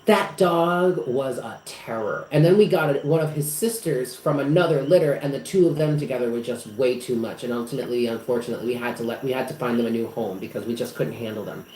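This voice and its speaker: A man's voice: medium pitch, quick pace, few pauses, darkish tone. A man chatting casually on a live stream, rambling and emotional with many fillers, at home in his apartment. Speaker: psychic reader hosting a live stream. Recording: echoey room with faint noise.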